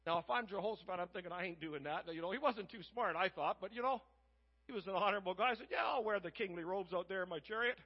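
High-voiced guy preaching, acts out the characters, dull muffled recording. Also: fast talker, breathy edge. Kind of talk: sermon retelling a Bible story.

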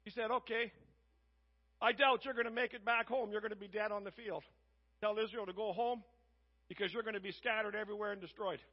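A man preaching a sermon, retelling a Bible story and acting out the characters in lively voices. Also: sits high, brisk, dull audio. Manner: animated, acts out characters in different voices.

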